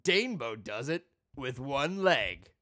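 Goofy, bright-voiced gamer guy. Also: medium pitch, slow. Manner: goofy, excitable, laughs often. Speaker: gaming video host. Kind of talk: let's play commentary.

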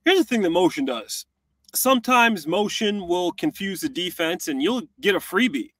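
A man co-hosting a football tape breakdown, talking casually and acting out plays in quick quoted voices. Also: high voice, expressive, a bit bright, no echo. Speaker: co-host, former tight end.

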